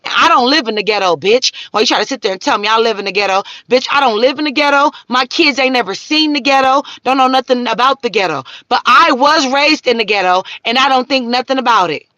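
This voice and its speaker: High, bright-voiced woman ranting profanely. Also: fast talker, hardly any pauses, dry recording. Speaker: livestream host. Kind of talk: ranting live stream.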